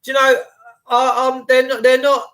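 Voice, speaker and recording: A middle-aged man, podcasting in a blunt, animated rant and swearing freely. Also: very high voice, moderate pace. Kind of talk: ranting monologue.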